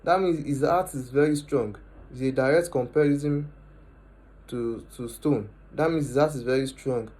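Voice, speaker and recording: A man, teaching a lesson and repeating each definition and example slowly for emphasis. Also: medium pitch, a little mellow, poor audio. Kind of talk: explanatory lesson.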